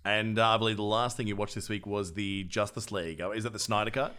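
A man hosting a podcast, chatting in a relaxed, easy way with his guests. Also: on the low side, fast talker, smooth. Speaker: podcast host. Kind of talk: casual chat.

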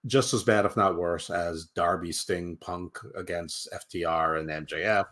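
A man co-hosting a casual chat show over a video call, joking in a wry, deadpan way and swearing casually. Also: low voice, measured pace. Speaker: podcast co-host.

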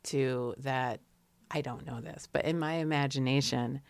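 A woman's voice: very deep voice, steady tone, measured pace, clean tone, no room sound. A woman co-hosting a casual movie review chat, musing aloud with fillers. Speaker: podcast co-host.

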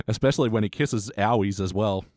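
A man's voice: fairly low pitch, animated, moderate pace, a little mellow, no echo, clean studio sound. A man hosting a podcast, chatting casually and rambling, laughing often between thoughts. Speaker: podcast host. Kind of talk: casual chat.

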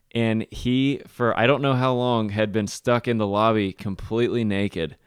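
A man co-hosting a podcast, telling an animated story in casual chat and laughing often. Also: lowish voice, clean tone, no echo, clean studio sound. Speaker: podcast co-host.

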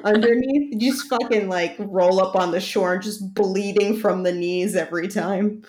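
A woman's voice: medium pitch, steady tone, moderate pace, darkish tone, slight background noise, poor audio. A young woman from Brooklyn, co-hosting a podcast in casual chat, with a wry, joking manner and casual swearing. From Brooklyn, New York. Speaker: podcast co-host.

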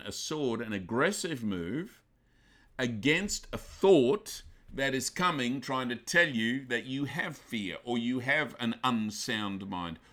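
A male pastor preaching a sermon emphatically, swinging from loud bursts down to quiet, intense lines. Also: mid-range voice.

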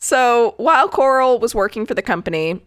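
A woman's voice: on the high side, expressive, fairly quick, fairly bright tone, clear, resonant tone, dry recording, clean studio sound. A woman co-hosting a podcast, telling a case story in casual chat with frequent asides and the odd swear word.

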